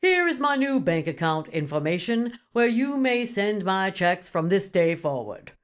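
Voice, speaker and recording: With a mid-range, sing-song voice, a woman plays an outraged gossip griping about a coworker over the phone. Her exaggerated, indignant rant pours out rapidly.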